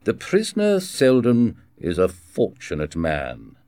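A man's voice: fairly low pitch, huge pitch swings, measured pace, mellow, no echo. A man reading a storybook voices a blunt prison governor, speaking in a brusque, commanding way.

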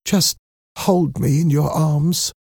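Dying young woman, faint pleading falsetto, raised pitch , read by a man. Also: steady tone, slow pace, gravelly, darkish tone, slightly rough, no room sound, clean studio sound, full character voice.

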